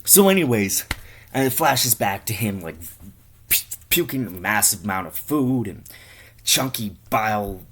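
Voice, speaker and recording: A man improvising a comic story in a loose, rambling way, swearing freely as he goes. His voice sits fairly low. The delivery is offhand and conversational. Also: expressive, a little slow, long pauses, a bit bright, slight background noise.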